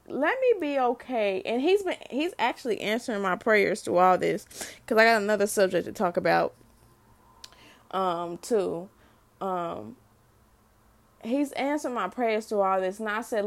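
A woman's voice: medium pitch, gravelly. A middle-aged mother sharing an unscripted faith testimony, speaking earnestly to listeners and often repeating and restarting her phrases.

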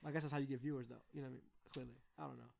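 A man's voice: mid-range voice, fairly even intonation, rapid-fire, gravelly, a crowd in the background. A man co-hosting a casual group chat, joking and chiming in constantly. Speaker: podcast co-host.

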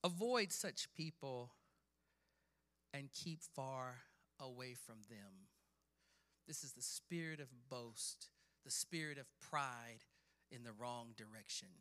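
A man preaching a sermon, reading scripture with dramatic emphasis and building from quiet passages to shouting. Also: medium pitch, slow pace. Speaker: pastor.

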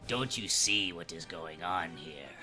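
A man voicing a gloating, scheming old male overlord in a comedy sketch, with a slow, menacing delivery. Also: sits low, lively intonation, over music, voice pushed down. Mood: sinister. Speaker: podcast host doing a comedy sketch.

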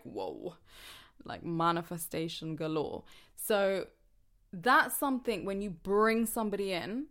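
A woman's voice: mid-range voice, a bit bright. A woman talking earnestly and casually to her viewers about mindset, laughing often and correcting herself as she goes. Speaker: self-help vlogger. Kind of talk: casual motivational talk to viewers.

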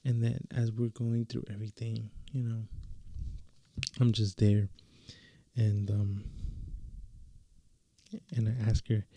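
A man's voice: fairly low pitch, vocal fry, warm tone, dry recording. A young man telling a story in a casual, slangy way, full of fillers and restarts.

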